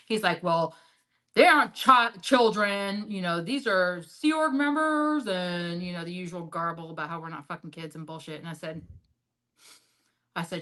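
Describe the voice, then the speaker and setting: A woman guest tells her story in a frank, heavily profane way, peppering her sentences with filler words. Her voice is bright and forceful, and it jumps high when she gets worked up before dropping to low, quiet asides. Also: normal speed, low-quality recording. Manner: animated, jumps up and drops low in pitch and loudness. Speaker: interview guest. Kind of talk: candid storytelling in a sit-down interview.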